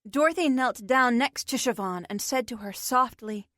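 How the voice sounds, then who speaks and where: A woman narrating a fantasy audiobook in a measured, expressive way. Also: a little high, no room sound, studio quality. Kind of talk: scripted fiction narration.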